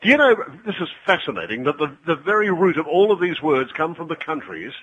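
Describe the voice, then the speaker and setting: A man's voice: fairly high pitch, a little fast, husky. A man hosting a late-night radio chat show, joking with his guests. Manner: lively, joking. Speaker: radio host. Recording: dull lo-fi radio broadcast.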